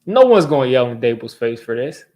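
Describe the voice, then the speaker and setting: A man's voice: medium pitch, big pitch swings, a little fast, lo-fi sound. A young man hosting a sports fan channel, ranting in exasperation during a live football reaction, repeating himself as he vents.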